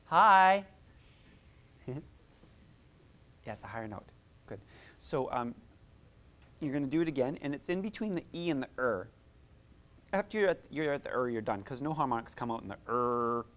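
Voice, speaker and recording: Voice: medium pitch, expressive, normal speed, pauses often. A music therapist leading a live workshop, coaching participants through vocal exercises in an encouraging, chatty way with frequent asides.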